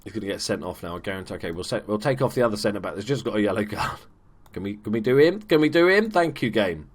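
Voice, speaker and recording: A man giving casual, chatty commentary over a football management game, swearing freely and bursting into shouts at big moments. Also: lowish voice, animated, quick pace. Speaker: gaming YouTuber. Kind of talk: casual let's play commentary.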